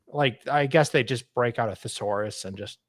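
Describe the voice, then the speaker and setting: A man's voice: mid-range voice, normal speed, dry recording. An Australian man co-hosting a podcast, casually chatting and reading legal documents aloud in a jokey, mock-formal way. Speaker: podcast co-host.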